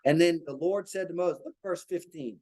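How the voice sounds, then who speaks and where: A man's voice: on the high side, a little fast, mellow, rough recording. A man leading an informal Bible study for a small group, talking earnestly and checking in with rhetorical questions.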